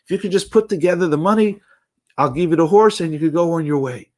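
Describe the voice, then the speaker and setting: A man voicing an innkeeper who briskly pitches a horse for sale. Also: a little mellow, lightly acted. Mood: persuasive. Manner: brisk, persuasive salesman. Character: eager innkeeper selling a horse.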